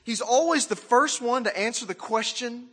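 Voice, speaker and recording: A man from Arkansas, preaching a sermon in an animated, self-mocking way and asking the crowd questions. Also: very high-pitched, moderate pace, slightly rough, long reverb tail. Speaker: pastor.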